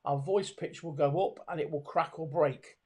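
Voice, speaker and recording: A man's voice: a little high, moderate pace, slightly rough. A middle-aged man from the UK, a body language expert speaking as a guest on a video call, with many fillers and restarts. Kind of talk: conversational video call interview. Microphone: video call webcam.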